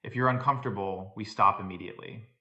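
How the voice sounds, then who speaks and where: A man reading as a calm, measured female therapist. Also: fairly low pitch, lo-fi sound. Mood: calm, intimate. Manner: measured, soft-spoken.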